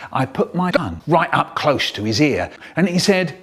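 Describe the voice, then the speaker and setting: Animated man telling a story. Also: a little slow, hardly any pauses. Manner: animated, jumps into high silly voices for quotes. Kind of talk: spliced comic story narration.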